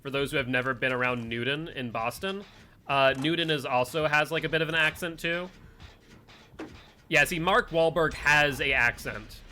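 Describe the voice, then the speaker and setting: A man streaming a game live, chatting casually with his friends and chat, full of "like" and quick asides. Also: on the high side, steady tone, sharp tone, a little hiss or hum. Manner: chatty, filler-heavy, talks to chat and friends.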